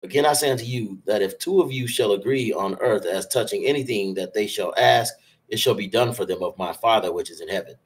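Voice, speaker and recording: A man's voice: lowish voice, a little fast, rough recording. Man reading scripture aloud steadily. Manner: steady, plain reading with small slips. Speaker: scripture reader.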